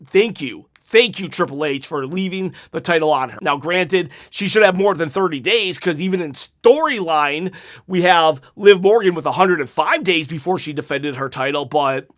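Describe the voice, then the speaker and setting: Young male host, high voice, casual opinionated wrestling commentary with viewer comments. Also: moderate pace, a bit bright. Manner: chatty, opinionated, restarts and laughs. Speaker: wrestling talk show host.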